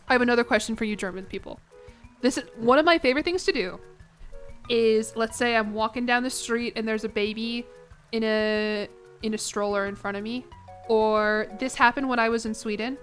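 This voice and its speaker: A woman's voice: fairly high pitch, a bit bright. A young woman streaming a game, rambling and giggling as she chats with her viewers. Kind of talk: casual chat to a live chat.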